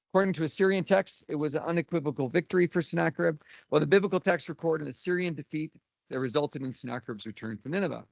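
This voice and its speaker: A man's voice: on the high side, gravelly, no echo. A man giving a university lecture from his notes, with dry asides and some stumbles over his words. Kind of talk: academic lecture read from notes. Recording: dull lo-fi lecture recording.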